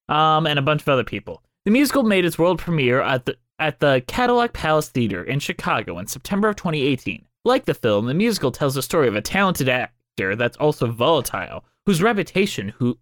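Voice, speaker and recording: A man hosting a podcast in a playful, animated way, moving between casual chat and read-out intros. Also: fairly high pitch, dry recording, clean studio sound. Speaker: podcast host.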